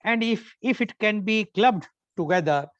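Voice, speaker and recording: A man's voice: sits high, normal speed, a bit bright, no room sound, lo-fi sound. A man with an Indian English accent moderating a panel, summarizing with frequent hesitations. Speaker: moderator of a media conference.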